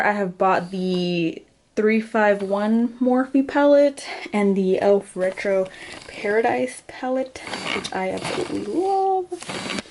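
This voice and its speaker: A woman's voice: medium pitch, a little mellow, slight background noise. Giggly, breathless young woman vlogger. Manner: chatty, giggly, lots of "like" fillers. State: a little out of breath. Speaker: vlogger giving a house tour. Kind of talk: casual house-tour vlog. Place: small rented house, indoors, walking room to room.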